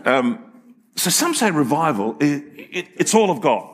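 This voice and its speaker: Older male pastor; animated, humorous preaching with emphatic peaks. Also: on the high side, a little slow, breathy edge. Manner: animated, rising to emphatic peaks, joking with the congregation. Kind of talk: sermon. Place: church hall with congregation.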